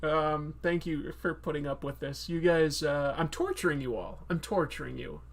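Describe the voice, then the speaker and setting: A man's voice: on the high side, normal speed, gravelly. A man hosting a live stream, answering chat questions in a casual, self-deprecating, rambling way. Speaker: comic artist streamer.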